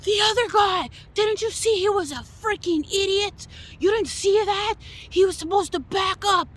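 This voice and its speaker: A woman putting on a scornful, shrill voice for a rude, angry man she is mocking. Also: expressive, normal speed.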